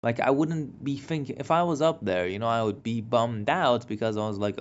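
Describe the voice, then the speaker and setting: A man of middle pitch tells a casual story to camera, wandering through his thoughts with lots of fillers and false starts. The recording sounds a bit dull and lo-fi. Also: moderate pace. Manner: rambling, many fillers and restarts. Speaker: vlogger.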